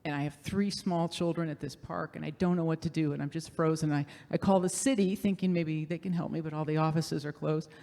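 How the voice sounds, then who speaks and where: Mom telling a funny story on stage, lots of ums, echo of a big hall. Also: female voice, deep voice, fairly even intonation, a little fast, vocal fry, few pauses, warm tone. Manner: humorous, self-deprecating, with many fillers. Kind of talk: personal story told on stage. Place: showcase stage. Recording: long hall reverb.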